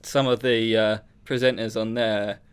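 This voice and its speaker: A man's voice: fairly low pitch, level tone, unhurried, smooth. A young man from southern England co-hosting a podcast in a rambling, casual chat. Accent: Southern English. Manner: chatty, rambling, slips into mock accents. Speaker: podcast co-host.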